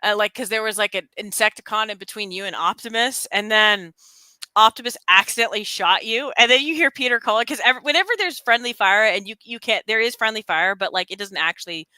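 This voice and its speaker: A woman's voice: mid-range voice, fairly quick, dry recording, poor audio. A woman co-hosting a casual stream, chatting about games with lots of laughter and playful quoted lines. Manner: giggly, animated, quotes lines in put-on voices. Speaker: streamer co-host.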